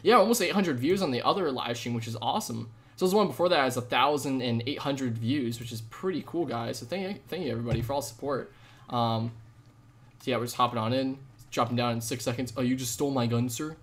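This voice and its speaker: Speaking fast in a medium-pitched, fairly bright voice, a man live-streams a video game and chats with viewers. His manner is upbeat and casual, full of slang, and he uses a desk USB microphone.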